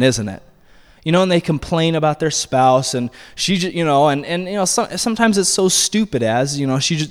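A man preaching a sermon in a conversational way, often checking in with his listeners by asking "right?". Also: fairly high pitch. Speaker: pastor. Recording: long hall reverb.

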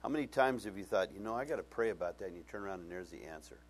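A man's voice: deep voice, lively intonation, very fast. A middle-aged male pastor preaching a sermon, telling personal stories and acting out both sides of conversations with self-mocking humor.

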